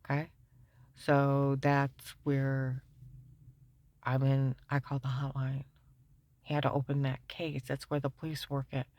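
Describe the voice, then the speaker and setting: A woman rambling through a personal grievance, swinging between hushed talk and loud outbursts and reciting legal terms. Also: extremely low pitch, monotone, a little slow, pauses often, no room sound. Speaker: speaker recounting her own ordeal. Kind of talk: agitated personal monologue.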